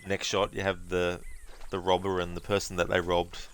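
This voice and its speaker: Male streamer, deep low voice, loose rambling chat to viewers. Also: completely flat delivery, normal speed, smooth. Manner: chatty, rambling, thanking viewers, breaks into silly voices and laughs. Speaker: game streamer. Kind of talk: casual live-stream chat.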